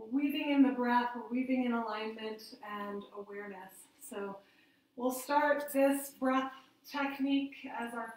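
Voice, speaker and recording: Soothing female yoga instructor, unhurried guidance, slightly high voice, heavy room echo. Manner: calm, gentle, soothing guidance. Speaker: yoga teacher. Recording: very echoey room.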